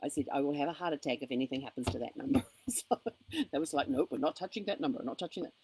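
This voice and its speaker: A woman's voice: extremely low pitch, fast, slightly rough. A woman vlogging from a campground, telling a long story about a phone call and acting out both sides of the conversation. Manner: animated retelling with quoted dialogue. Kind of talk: casual storytelling vlog.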